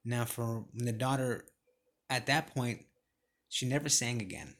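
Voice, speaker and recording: A man delivering a motivational speech at a mid pitch, talking casually with the odd swear word. He pushes his points with forceful emphasis. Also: a little slow, gravelly. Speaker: motivational speaker.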